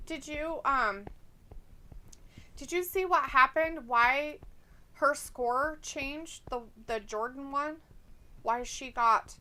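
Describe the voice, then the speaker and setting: A woman hosts a live watch-along stream in a loose, chatty way. She reacts out loud and keeps asking questions. Her voice sits a little high, with a bright, sharp edge. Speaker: stream host. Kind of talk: casual watch-along chat.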